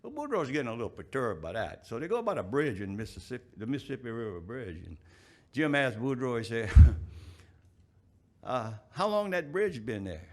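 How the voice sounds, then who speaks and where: A man, the event's emcee, telling a joke in a rambling, halting way and chuckling at his own lines. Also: medium pitch, big pitch swings.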